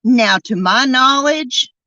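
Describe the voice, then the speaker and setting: Indignant woman, slow dry commentary. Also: sits high, sharp tone, no echo, highs cut off. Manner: indignant, repetitive, emphatic; drawls key words slowly for emphasis. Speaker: true crime podcast host. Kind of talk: angry commentary monologue.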